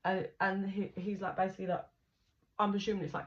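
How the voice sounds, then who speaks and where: A woman's voice: medium pitch, steady tone, fast talker. A woman giving a casual tarot reading, chatty and rambling, swearing casually as she tells what she sees. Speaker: tarot reader. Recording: dull lo-fi recording with faint background noise.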